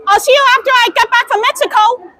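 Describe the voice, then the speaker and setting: Very high-voiced giggly young woman. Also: quick pace, a loud crowd, heavy background noise. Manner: giggly and gushing, with frequent laughs. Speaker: vlogger. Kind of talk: excited theme-park vlog chat. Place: outdoor theme park.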